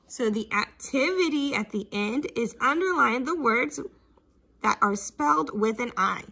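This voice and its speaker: Bright-voiced woman teacher giving a slow lesson. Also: a little high. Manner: reads story text very slowly and clearly, sounding out words. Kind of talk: at-home reading lesson for parents and children. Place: living room at home.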